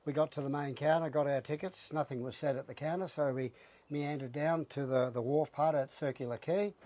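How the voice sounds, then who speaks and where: A middle-aged Australian man, an interview guest, telling his story with animated flair and acting out his own lines. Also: fairly high pitch, brisk. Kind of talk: casual interview.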